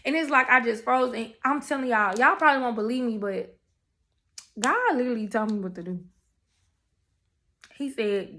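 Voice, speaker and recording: A young woman telling her testimony in casual, animated storytelling, talking straight to her viewers. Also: a little high, normal speed, long pauses. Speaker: testimony speaker.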